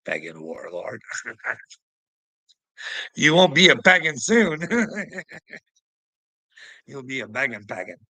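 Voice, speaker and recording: A man delivering a preachy, taunting rant at a rival, laughing mockingly, swearing, and swinging between loud outbursts and low mutters. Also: sing-song, slow pace, long pauses, no echo, rough recording. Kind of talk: ranting monologue to a rival streamer.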